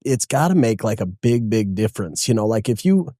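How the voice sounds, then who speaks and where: A man's voice: on the low side, very animated, brisk, dark tone, no echo, clean studio sound. A man hosting a podcast interview, chatting casually and reflecting back on his guest's points. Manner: reflective, affirming with short "yeah"s. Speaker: podcast host.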